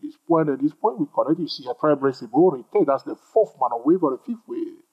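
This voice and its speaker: Animated husky man teaching chart patterns. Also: fairly high pitch, fast, dull audio. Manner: animated, repeats himself, jokes with viewers. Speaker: trading instructor. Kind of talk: screen-recorded chart tutorial.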